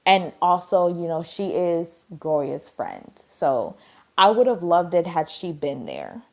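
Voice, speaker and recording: A woman's voice: on the low side, very animated, takes it slowly. A woman chatting casually as she reviews a drama, gushing and leaning on lots of filler words.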